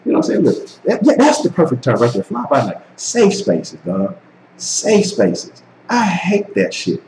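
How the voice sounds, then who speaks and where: A man's voice: on the high side, wildly swooping pitch, unhurried, darkish tone, reverberant, slight background noise, rough recording. A man hosting a sports channel live stream, ranting profanely and slangily at his chat. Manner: profane, heated, talks to chat; slangy, keeps saying dog.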